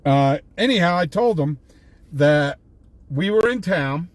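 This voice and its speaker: Slow-talking older man telling stories. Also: on the high side, lively intonation. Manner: rambling, amused anecdote-teller with frequent restarts. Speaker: independent scanner-chasing reporter. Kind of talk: casual storytelling on a live stream.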